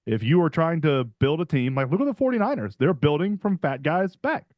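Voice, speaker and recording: A man's voice: on the high side, big pitch swings, brisk, darkish tone, no room sound. A young man co-hosting a podcast, chatting eagerly about football and saying "like" a lot. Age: young adult. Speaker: podcast co-host. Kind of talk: casual sports chat.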